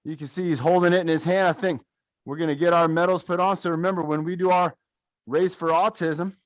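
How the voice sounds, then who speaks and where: A man coaching viewers through a gentle follow-along workout while narrating footage of a race, upbeat and encouraging. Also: on the high side, fairly even intonation, fairly quick, dry recording. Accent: American. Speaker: fitness coach.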